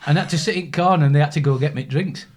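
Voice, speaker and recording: An older man, chatting as a podcast guest, halting and repeating words as he talks. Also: a little high. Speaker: podcast guest, bride's father. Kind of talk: casual chat.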